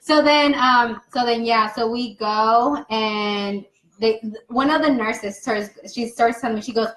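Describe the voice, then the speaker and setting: A young woman telling a story in casual chat, animated and laughing as she acts out what people said. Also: a little high, moderate pace. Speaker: co-host. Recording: echoey room.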